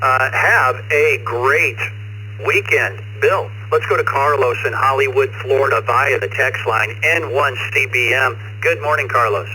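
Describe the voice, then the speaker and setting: A man's voice: mid-range voice, a little slow, pushed and bright, slight background noise, poor audio. A man from the American Midwest hosting an amateur radio net, friendly and chatty with rambling asides. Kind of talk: casual radio net chat.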